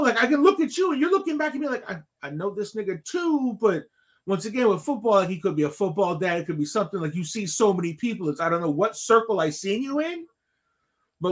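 A man in his thirties, a podcast host telling a rambling, animated story in casual chat, swearing often. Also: high voice.

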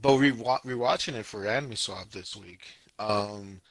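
A young man co-hosting a casual podcast, recounting a show with exasperated, animated energy and silly put-on voices for the scenes. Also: fairly low pitch, normal speed, dry recording. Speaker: anime podcast co-host. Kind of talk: casual podcast review chat.

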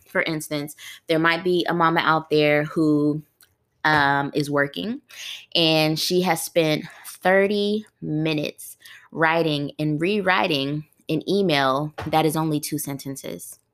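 A woman hosts a solo podcast in a casual, conversational way, often tossing rhetorical questions to her listeners. Her voice is low with a fairly bright tone.

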